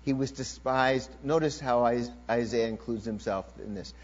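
A man preaching a sermon, reading scripture quietly and then building to loud, shouted exclamations. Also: mid-range voice, normal speed. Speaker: pastor. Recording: lo-fi recording with mains hum.

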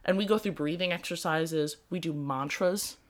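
Earnest woman podcast host, lowish voice. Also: normal speed. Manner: earnest, storytelling, laughs easily. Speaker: podcast host and music teacher. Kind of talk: casual podcast chat.

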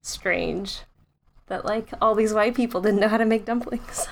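A woman's voice: medium pitch, steady tone, unhurried, vocal fry, a little hiss or hum. A young woman from the United States, chatting casually and animatedly, with frequent fillers and laughter at her own stories. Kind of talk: casual chat.

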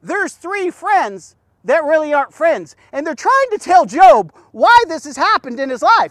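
A man preaching a devotional sermon, emphatic and full of rhetorical questions and "okay?", swinging between loud urging and hushed low talk. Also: very animated, moderate pace, hardly any pauses, no room sound, clean studio sound.

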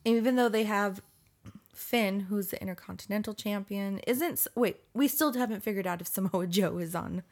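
Podcast co-host, woman, mid-pitched, chatty and quick to laugh. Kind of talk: casual chat.

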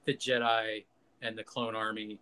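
A man's voice: lowish voice, flat delivery, normal speed, sharp tone, clean tone. A man hosting a podcast, ranting in casual, profane, jokey chat and acting out quotes. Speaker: podcast host.

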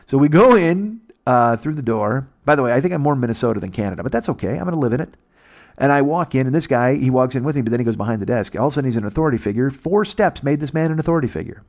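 An American man telling a long comic story in casual chat, animated and profane, putting on voices for the people in it. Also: medium pitch, very fast. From United States.

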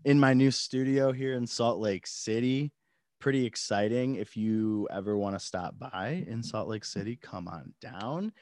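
A man's voice: on the low side, a little slow, a little mellow, no room sound. A young man hosting a casual live stream from his home studio, laid-back, laughing often and swearing freely. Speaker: podcast host.

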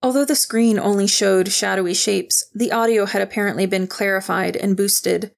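A woman reading a novel aloud in steady, even storytelling narration. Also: mid-range voice, moderate pace, vocal fry. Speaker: audiobook narrator. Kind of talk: scripted narration.

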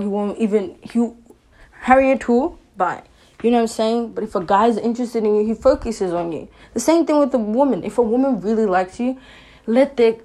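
Speaking directly to her audience, the young host of a podcast shares firm, opinionated takes on dating in a casual advice monologue, regularly checking in with "you know what I'm saying." Her medium-pitched tone is warm and mellow rather than bright, and her talk stays loose and animated.

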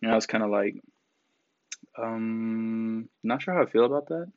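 This young commentary vlogger, in his twenties, speaks at normal speed with a fairly low pitch, delivering a casual rant full of profanity, fillers and sneering imitations of others. There's no echo, and the dry mic sounds a little dull.

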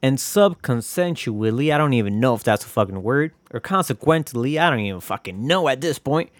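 A man's voice: medium pitch, expressive, a little fast, dry recording. A young man hosting a podcast, talking in a casual, confessional ramble full of swearing and self-mocking jokes. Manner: profane, joking, rambling. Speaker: podcast host.

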